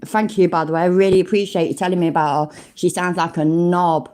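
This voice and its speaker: A woman's voice: lowish voice, fairly even intonation, brisk, a little mellow. A woman with a British accent giving live reaction commentary, blunt, sweary and full of slang. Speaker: livestream commentator.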